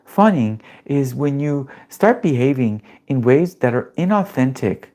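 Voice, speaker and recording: A nervous system coach giving a motivational talk with guided breathing, animated, swearing casually and asking rhetorical questions. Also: mid-range voice, measured pace.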